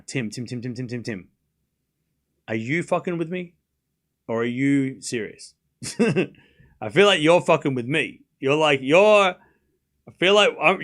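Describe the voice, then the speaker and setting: A man's voice: fairly high pitch, a bit bright. A man hosting a live stream, chatting casually, often laughing and joking sarcastically as he reads and answers his chat.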